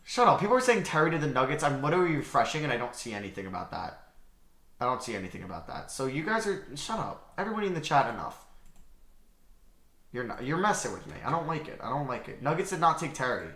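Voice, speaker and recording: A young man hosts a live reaction stream, his voice bright and fairly high, bouncing with animated swings in pitch. He talks back to his chat excitably, jumping from near-shouts to low mutters, in a roomy, echoey space. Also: fairly quick. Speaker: livestream host. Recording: roomy echo.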